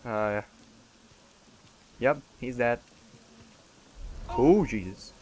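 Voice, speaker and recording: Slow-talking joking male gamer. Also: medium pitch, noisy background. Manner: joking, chatty, talks back to game characters. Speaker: let's play gamer. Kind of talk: casual gameplay commentary.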